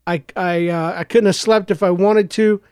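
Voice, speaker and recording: A man hosting his own podcast, speaking alone in a rambling, reflective way, a little hoarse from coughing. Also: high voice, steady tone, normal speed, darkish tone, dry recording, studio quality. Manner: rambling and reflective, with frequent restarts. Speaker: podcast host. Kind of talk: casual solo podcast monologue.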